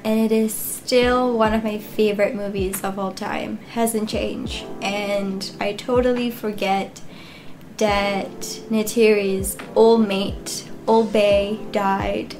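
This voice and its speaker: A young woman hosting a movie reaction, chatting emotionally and laughing often. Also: mid-range voice. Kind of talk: casual reaction commentary.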